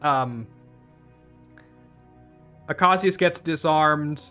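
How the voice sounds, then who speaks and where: A man's voice: a little high, drawn-out words, bright, forceful tone, smooth, soft background music. A man recapping a film plot in a casual, profane rant, full of restarts and tangents. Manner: rambling, profane, with many restarts. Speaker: film reviewer.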